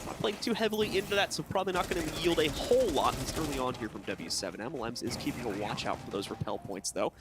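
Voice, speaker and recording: A man calling play-by-play as an esports caster, with rapid, animated delivery. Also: medium pitch, very noisy. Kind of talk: play-by-play commentary.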